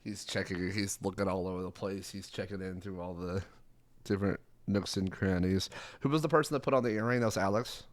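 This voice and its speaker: A deep-voiced man chatting casually at a tabletop game, laughing often and restarting sentences as he goes. The recording is dry and close, with no room sound around him. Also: steady tone, a little fast, no room sound. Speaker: player.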